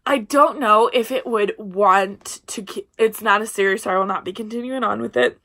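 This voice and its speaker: Speaking at a normal pace with a sharp tone, this mid-range female voice belongs to a young book vlogger. She gushes chattily to her camera in a casual review, frequently leaving sentences unfinished.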